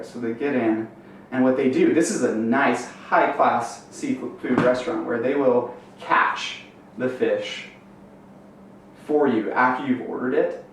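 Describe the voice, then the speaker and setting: Young man telling a long shaggy-dog joke. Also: medium pitch. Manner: rambling, many fillers, builds to a punchline. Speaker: amateur comedian. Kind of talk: storytelling joke. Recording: roomy echo, distant mic, faint noise.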